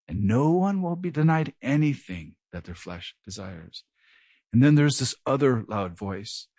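A man's voice: medium pitch, no echo. A middle-aged man preaching an earnest verse-by-verse Bible teaching, with a slight stutter. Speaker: pastor. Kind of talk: sermon.

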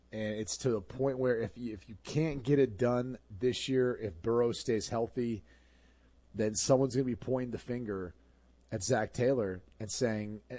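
A man's voice: mid-range voice, warm tone, no echo. A man co-hosting a casual sports talk show, giving confident, analytical takes.

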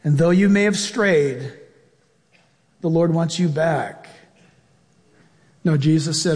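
Brief: earnest male pastor, high voice, slow deliberate preaching, long hall echo. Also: darkish tone. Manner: earnest, drawn-out preaching with prayer. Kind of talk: sermon.

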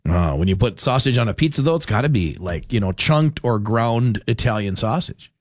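A man's voice: lowish voice, expressive, normal speed, no echo. A male radio talk show host chatting casually on air, rambling and interrupting himself as he argues his opinions. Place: radio studio. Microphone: studio microphone.

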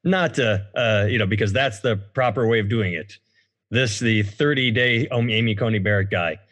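A man's voice: fairly low pitch, moderate pace, fairly bright tone. Sarcastic male podcast host. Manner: sarcastic, reads news stories aloud. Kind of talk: casual podcast banter.

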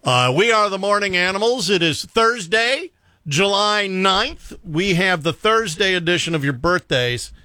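A male morning radio host with a bright, bouncy voice pitched a little high. He jokes with stammers, then switches to brisk show announcements. The studio sound is dry and close. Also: expressive, no room sound. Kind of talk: casual studio banter.

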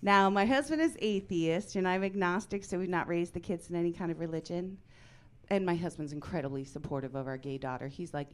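A woman in her forties doing a stand-up comedy set on a club stage, with a wry, deadpan delivery that breaks into sudden loud outbursts. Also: lowish voice, brisk.

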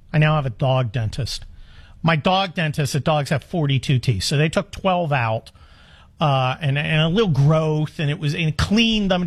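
Exasperated man ranting on talk radio. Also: sits high. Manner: animated, exasperated ranting with stammered restarts. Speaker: radio talk show host. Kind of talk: call-in talk radio monologue. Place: studio in the Los Angeles area.

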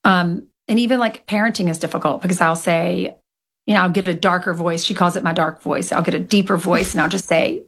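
A woman's voice: lowish voice, fairly even intonation, quick pace, gravelly, a bit bright. A woman being interviewed about her children's book, speaking in an earnest, candid and talkative way. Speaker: guest author of a children's book. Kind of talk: conversational interview.

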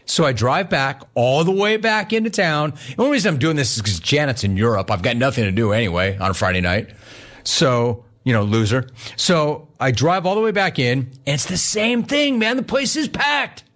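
A man on the radio telling a casual story, acting out the people in it with lively swings in his voice. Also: mid-range voice, normal speed. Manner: animated, acts out both sides of the story. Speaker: radio host.

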